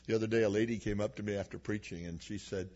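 Husky-voiced man preaching a folksy sermon. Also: fairly low pitch, fairly even intonation, quick pace, a little mellow. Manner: folksy, humorous storytelling. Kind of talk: sermon with personal anecdotes. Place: church before a congregation. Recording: dull lo-fi recording.

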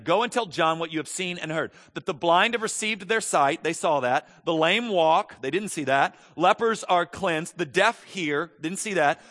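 A male pastor delivers a sermon with a bright, forceful voice that sits fairly high. He talks conversationally, stumbling over restarts, then swells into loud, emphatic preaching. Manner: animated, swings from soft asides to loud emphatic preaching.

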